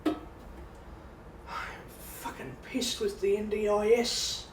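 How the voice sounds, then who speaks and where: A woman vlogger with a medium-pitched, flat-sounding voice vents angrily about her frustrations while cooking in her kitchen at home. She swears and repeats herself in slow venting, and the recording is roomy and distant with a noisy background.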